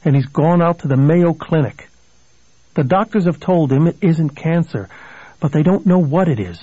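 A man's voice: a little high, lively intonation, normal speed, warm tone, slightly rough, dry recording, muffled recording, voice pushed up. A man reading a haunted, desperate male lawyer's pleas in an audiobook. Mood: urgent, pleading.

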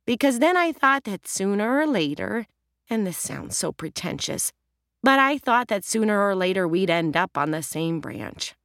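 A woman's voice: mid-range voice, big pitch swings, moderate pace, fairly bright tone, dry recording, clean studio sound. A woman reading an audiobook, voicing a middle-aged wife and mother who speaks in a reflective, earnest way. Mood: wistful.

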